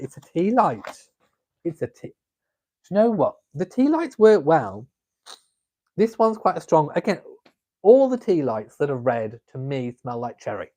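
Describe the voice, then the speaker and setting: With a slightly high, somewhat mellow voice, this English vlog host reads his live chat aloud from home over coffee. His casual stream chatter is camp and playful.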